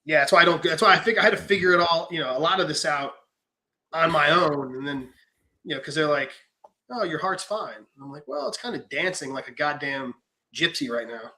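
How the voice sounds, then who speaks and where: Fast, bright-voiced man telling stories. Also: fairly high pitch. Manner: animated storyteller, swears freely, acts out quotes. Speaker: podcast host. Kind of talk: casual chat.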